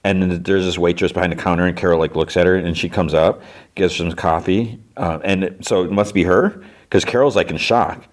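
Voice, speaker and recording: A man's voice: low voice, steady tone, a little fast. A man hosting a podcast, casually retelling a TV episode scene by scene and peppering it with "she's like.". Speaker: podcast host.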